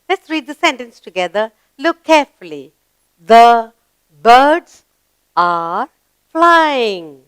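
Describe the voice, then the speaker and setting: Woman teacher, Indian English accent, slow and encouraging for small kids, smooth voice, dry close recording. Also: mid-range voice, a bit bright, no echo. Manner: encouraging, asks questions and answers them herself; drawn-out, sing-song reading of sentences. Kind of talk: slow grammar lesson for young children.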